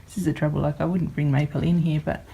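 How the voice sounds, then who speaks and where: A woman vlogging at home, talking gently to her dog and rabbits in a coaxing voice that often rises into a soft high baby voice. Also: flat delivery, fast, gravelly. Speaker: pet vlogger. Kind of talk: casual vlog talk to pets. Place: home room with pets.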